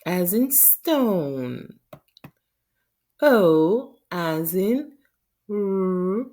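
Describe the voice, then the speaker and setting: A middle-aged Haitian woman teaching young children phonics, sounding out letters and words slowly and clearly. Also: mid-range voice, sing-song, mellow.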